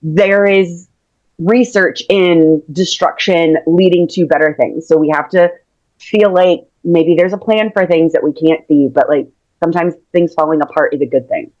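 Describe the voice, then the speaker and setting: A woman's voice: lowish voice, normal speed, darkish tone, dull audio. A woman therapist co-hosting a casual advice talk, thoughtful, with frequent "like" fillers. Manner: thoughtful, uses "like" as a filler often. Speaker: therapist, co-host.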